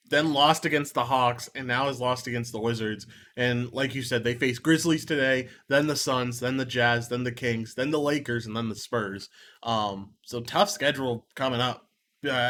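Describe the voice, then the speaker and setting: A man with a bright, forward voice hosts a casual sports chat. He rattles off game results and laughs easily between points. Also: mid-range voice, a little hiss or hum. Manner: chatty, laughs often, lists results. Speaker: co-host of a sports betting show.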